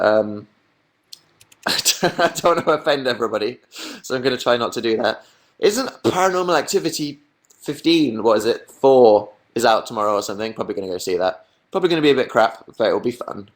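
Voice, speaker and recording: A man's voice: lowish voice, fairly quick, long pauses. A man hosting a casual live stream from home, chatting in a rambling, self-mocking way into a webcam mic.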